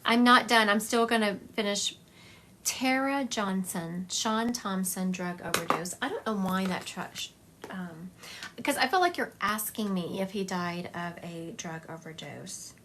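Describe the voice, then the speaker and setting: A woman's voice: medium pitch, a little slow, sharp tone, a little hiss or hum. Chatty woman psychic medium on a live stream. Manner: chatty, confiding, thinks aloud.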